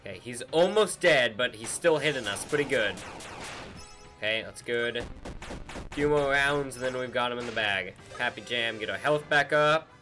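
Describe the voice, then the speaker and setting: Man, let's play commentary, excitable, bright voice, faint music behind. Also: mid-range voice, moderate pace. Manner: excitable, reacting aloud to the game. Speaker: gameplay commentator.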